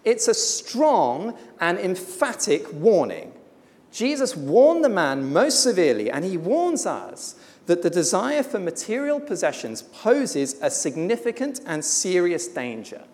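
Preacher giving a blunt, emphatic sermon with a lively, swinging delivery, heard in a reverberant hall. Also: mid-range voice. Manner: emphatic and blunt, with slow weighty pauses.

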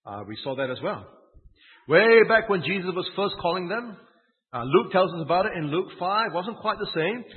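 Brief: male preacher, animated storyteller, raised pitch, phone-thin sound with a long hall echo. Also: normal speed, narrow, tinny audio. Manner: storytelling, with asides and rhetorical questions. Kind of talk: sermon.

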